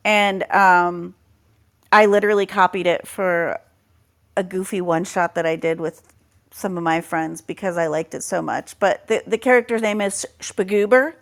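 A woman in casual chat about running tabletop games. She talks in an animated, playful way and slips into silly voices. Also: lowish voice, moderate pace. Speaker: tabletop game master, podcast panelist.

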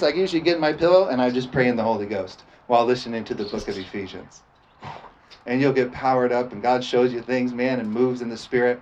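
A middle-aged male preacher delivers a sermon in an ordinary mid-range voice, punctuating nearly every point with a questioning "amen?" and bursts of laughter. The recording is dull and lo-fi, with a faint hiss underneath. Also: mid-range voice. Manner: repeats "amen?" as call for response, laughs often. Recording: dull lo-fi sound with faint noise.

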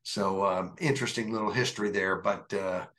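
A man chatting about politics on a talk show, his voice bright and forward. He talks conversationally, circling back with plenty of "uh" and restarts. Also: low-pitched, fairly even intonation, normal speed. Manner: conversational, meandering with frequent fillers. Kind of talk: casual political discussion.

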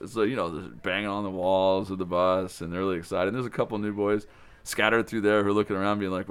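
A man's voice: deep voice, steady tone, fast talker. A man, a camp director, telling the story of arrival day in a rambling, enthusiastic way. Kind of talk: casual spoken recap of the day.

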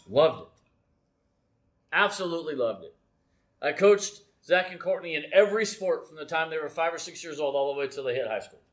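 A middle-aged man giving a casual, self-deprecating church message from the front, keeps checking in with "right?". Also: on the high side. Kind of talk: casual sermon with personal stories.

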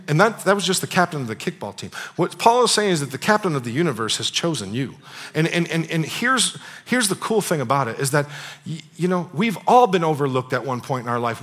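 Bright-voiced man preaching conversationally. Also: a little high. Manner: conversational and animated, repeats phrases, frequent "you know what I'm saying". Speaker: pastor. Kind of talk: casual, storytelling sermon.

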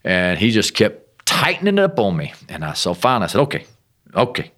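A middle-aged American man, a missionary guest, telling a personal story in a casual, animated way with self-deprecating humor. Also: fairly low pitch, a little fast. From United States.

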